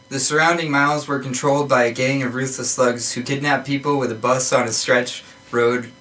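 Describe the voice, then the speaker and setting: A man reading a short story aloud on a podcast, steady and plain, with some restarts and fillers. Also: medium pitch, recorded from a distance, poor audio.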